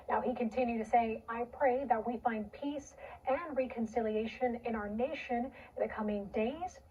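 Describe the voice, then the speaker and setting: Female TV anchor, formal news read, mellow tone, muffled and distant. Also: on the high side, slight background noise. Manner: measured, formal delivery. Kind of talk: broadcast news reading. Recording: dull, distant TV audio.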